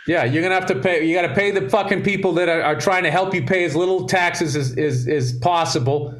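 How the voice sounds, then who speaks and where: A man co-hosting a casual comedy podcast, profane and rambling, with sudden excited bursts. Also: high voice, fairly quick. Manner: profane, ranting, rambling asides; loose and jokey, with bursts of excited speech. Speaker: comedian co-host.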